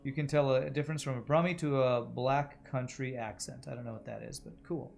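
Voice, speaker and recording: A man in casual livestream chat, talking through his game and wandering off into musings about how voices work. His voice sits at an ordinary middle pitch, and soft game music plays faintly behind him. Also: steady tone, a little fast, creaky. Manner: chatty, muses aloud about voices and accents while playing. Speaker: streamer.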